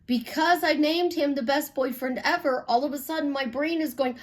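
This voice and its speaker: High-voiced blunt woman life coach. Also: normal speed, few pauses. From Chicago. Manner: blunt, animated storytelling with swearing. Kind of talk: casual monologue.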